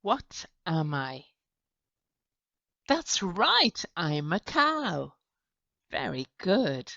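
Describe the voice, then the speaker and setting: A woman teacher talking slowly and clearly to young children in a sing-song way, with animal noises. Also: deep voice, big pitch swings, a bit bright, dry recording. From Ireland. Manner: slow, sing-song, with animal sound effects. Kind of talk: slow children's lesson. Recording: dull lo-fi, dry.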